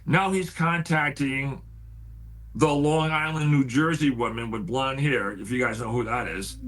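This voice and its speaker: On a video call, a man who owns a paranormal house tells a heated story in a mid-range, slightly bright voice at a measured pace. He speaks casually, repeats "I said" again and again, and swears when worked up; the recording quality is low.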